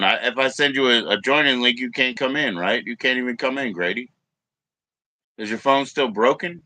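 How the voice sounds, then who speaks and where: A man's voice: medium pitch, moderate pace, bright, forceful tone, dry recording. Rambling, cussing man live streaming. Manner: rambling, loose and profane, talks to chat. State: coughing at times. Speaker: livestreamer. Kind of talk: casual live stream chat.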